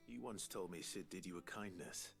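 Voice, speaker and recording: An actor voicing an earnest young lord who speaks in a measured, sincere way in a video game. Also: male voice, sits low, vocal fry, a bit bright, faint music behind. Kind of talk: game voice acting.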